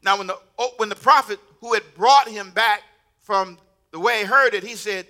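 This pastor's sermon comes in a high voice at a moderate pace, animated and humorous, with jokes for the congregation and bursts of laughter.

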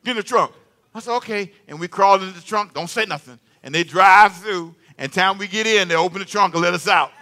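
A man's voice: high-pitched, fairly quick, few pauses. A man preaching a sermon in church, telling stories with jokes and acting out the characters. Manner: animated storytelling, acts out the king and Haman; jokes with the congregation and laughs. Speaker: pastor.

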